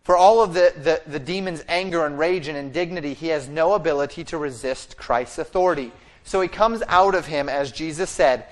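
Going through a scripture passage line by line, a male pastor preaches briskly in a slightly high voice, using fillers and restarts and acting out the quoted speech.

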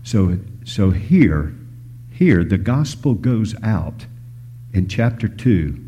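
A man preaching a sermon, shifting between loud emphasis and hushed whispers, telling stories and asking the audience questions. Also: lowish voice, sing-song, slow, a little hiss or hum. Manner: storytelling, asks the audience questions.

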